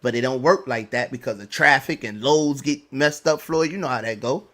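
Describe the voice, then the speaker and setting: Man, middle-aged, podcast co-host, casual slangy storytelling, animated, laughs as he talks. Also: mid-range voice, normal speed.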